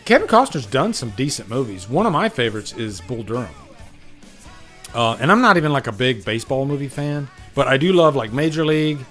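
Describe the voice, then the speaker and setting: A man's voice: mid-range voice, a bit bright. A man hosting a casual live Q&A stream, chatty and emphatic, often checking in with "all right?" into a studio mic. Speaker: livestream host. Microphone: studio condenser mic.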